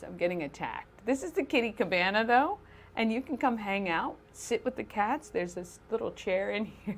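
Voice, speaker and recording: A woman's voice: medium pitch, animated, normal speed. A woman hosting a local morning show, chatty and upbeat, laughing easily as she talks.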